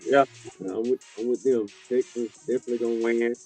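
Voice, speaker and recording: Man, co-host, casual sports talk, slangy, animated, video call mic, mid pitch. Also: a little fast, husky, soft background music, low-quality recording. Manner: loose slangy talk, swings from low mutter to excited.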